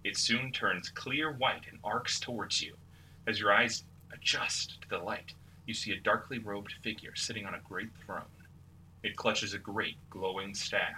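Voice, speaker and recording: A man's voice: lowish voice, a little slow, bright, forceful tone, a little hiss or hum. A man hosting and narrating a tabletop adventure, breaking off for joking asides. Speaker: game master and host. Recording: distant mic with background music.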